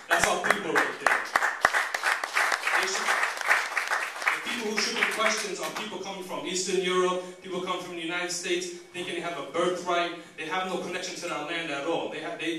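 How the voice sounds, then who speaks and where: A man speaking as an activist at a public forum, telling a personal account with animated storytelling that rises to indignant emphasis. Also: on the high side. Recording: echoey hall, distant mic, background noise.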